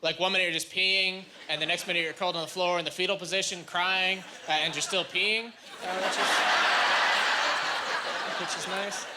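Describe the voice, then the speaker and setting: A man from Canada doing stand-up comedy, rambling through self-deprecating stories with quick asides, recorded live. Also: sits high, fairly even intonation, very noisy. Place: comedy stage before a live audience. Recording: live club recording with loud crowd.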